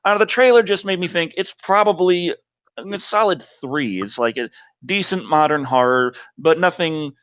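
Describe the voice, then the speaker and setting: A man's voice: a little high, normal speed, fairly bright tone, smooth. A man hosting a live show, chatting casually, rambling and laughing often. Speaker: show host. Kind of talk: casual live-stream chat. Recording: slightly dull lo-fi audio.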